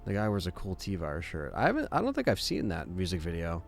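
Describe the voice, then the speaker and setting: A man chatting casually while streaming a game live, excitable and quick to swear. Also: sits low, creaky, soft background music. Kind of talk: casual live gameplay chat.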